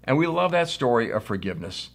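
A very animated middle-aged pastor from the United States preaches at a quick pace, his medium-pitched voice creaky. The sermon is conversational, told through stories with acted-out quotes.

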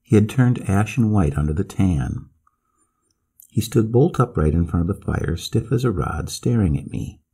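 Male storyteller with a very deep, gravelly, husky voice who reads a spooky tale in a measured, expressive way. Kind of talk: scripted narration of a classic ghost story.

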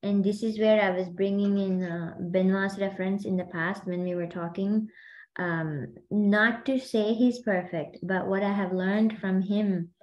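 A woman's voice: medium pitch, fairly even intonation, measured pace, highs cut off. A woman hosting and coaching a group on a video call, talking in a chatty, rambling way full of fillers. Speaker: host and mindset coach.

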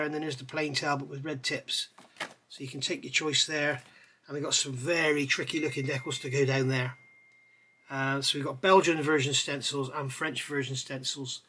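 A man reviewing scale model parts in a chatty way, pausing with fillers and correcting himself as he goes. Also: on the high side, pushed and bright. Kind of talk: casual product review.

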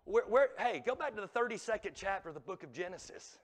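A high-pitched man, preaching a revival sermon in a church sanctuary. He drops to a near hush, then climbs to a ringing shout, stretching key words and calling out to the congregation. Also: lively intonation, fast. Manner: impassioned, swinging from hushed to shouting.

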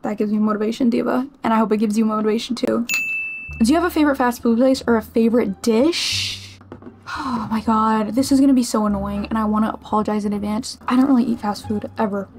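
A woman's voice: on the high side, fairly even intonation, fast talker, a little mellow. A 21-year-old woman from Massachusetts, a streamer answering viewer questions in a casual vlog, chatty and playfully self-mocking. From Massachusetts, USA.

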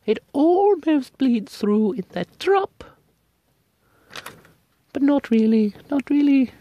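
A young woman reviewing ink and paper in a casual, gushing and playful way, sometimes dropping into hushed whispers. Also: high-pitched, lively intonation, takes it slowly, highs cut off.

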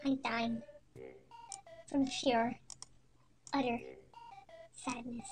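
A woman narrating a parody storytime in a quiet, deadpan, mock-serious way. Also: a little high, drawn-out words. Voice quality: quiet, soft-spoken. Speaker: storytime animator. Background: faint music.

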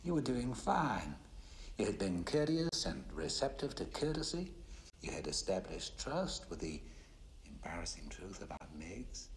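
An actor playing a cultured, menacing male psychiatrist who is a captive killer. He speaks softly and precisely and slips into whispers. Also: fairly low pitch, very animated, a little slow, slight background noise. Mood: cold and mocking. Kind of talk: film dialogue.

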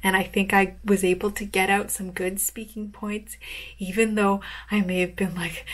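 A woman author chatting casually in a vlog, rambling with lots of fillers and soft laughs. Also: medium pitch, flat delivery, normal speed. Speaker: author vlogger.

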